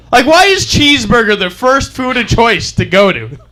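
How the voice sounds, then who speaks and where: A man's voice: very high-pitched, very animated, measured pace, sharp tone. A man doing a stand-up comedy bit, laughing through his own jokes.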